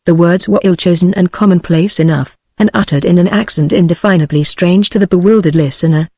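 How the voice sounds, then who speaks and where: A woman's voice: lowish voice, dry recording. Synthetic British woman reading a novel. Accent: British English. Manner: even, measured synthetic reading. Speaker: audiobook narrator. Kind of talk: text-to-speech book reading.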